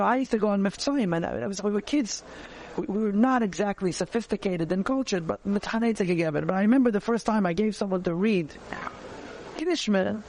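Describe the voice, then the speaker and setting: A man, teaching a conversational Torah class, animated and repeating phrases as he searches for words. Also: high voice, slight background noise.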